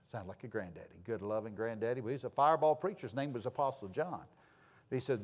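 A middle-aged man preaching a sermon, telling stories and swinging from loud to hushed. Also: mid-range voice, quick pace. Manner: folksy, animated storytelling with sudden loud and soft swings. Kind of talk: sermon with storytelling.

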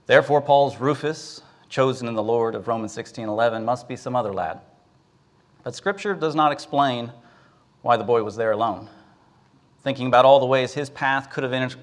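Preacher guy telling a bible story in his sermon, mid-range voice, a few uhs here and there. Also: medium pitch. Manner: storyteller, with frequent filler words.

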